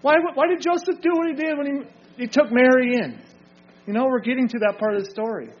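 A man's voice: extremely high pitch, animated, brisk, lo-fi sound. An older man preaching an informal sermon, earnest, asking questions and answering them himself.

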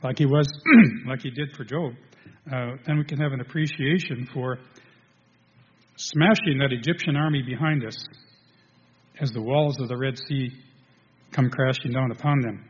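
A man preaching a sermon to a congregation, halting, restarting, and filling pauses as he goes. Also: medium pitch, fairly even intonation, slightly rough. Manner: halting, with many restarts and fillers. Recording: dull lo-fi sound in a reverberant hall.

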